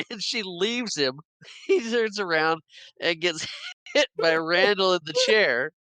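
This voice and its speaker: Giggly co-host with a bright voice. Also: mid-range voice, slow pace, no echo. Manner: giggly, chimes in with fun facts and quoted lines. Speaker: podcast co-host. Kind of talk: casual movie recap chat.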